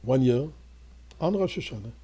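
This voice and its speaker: A man's voice: medium pitch, expressive, normal speed, dark tone, slightly rough. An older man, a rabbi, telling a story in an earnest sermon that rises to fervent exclamations. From Montreal.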